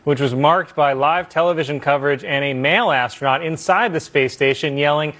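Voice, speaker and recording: A man's voice: fairly high pitch, brisk. Man reading comedy news jokes. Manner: crisp setup-punchline delivery. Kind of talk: satirical news desk jokes. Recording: loud background noise.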